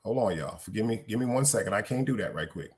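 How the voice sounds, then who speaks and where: A man's voice: lowish voice, expressive, fast. A man from Brooklyn with a Brooklyn accent, hosting a live podcast stream in casual, profane, rambling chat aimed straight at his viewers. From Brooklyn, New York.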